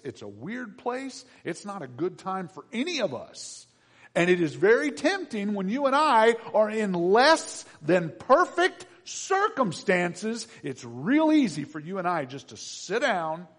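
A man preaches to his congregation in a fairly high, very lively voice. He drops into quiet, chatty asides and then climbs into loud, emphatic build-ups, often turning to the crowd and the kids with questions. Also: long reverb tail. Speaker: pastor. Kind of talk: sermon.

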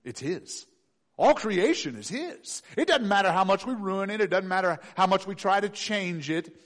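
A middle-aged man preaching a sermon, acting out voices and swinging from loud to hushed. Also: sits high, animated, normal speed. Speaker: pastor.

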